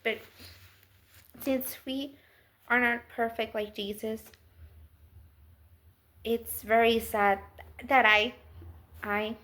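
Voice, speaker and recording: A woman's voice: on the high side, fairly even intonation, very slow, pauses often, bright, forceful tone, slight background noise. A woman giving a casual Bible talk in a chatty, rambling, earnest way. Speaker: Bible teacher.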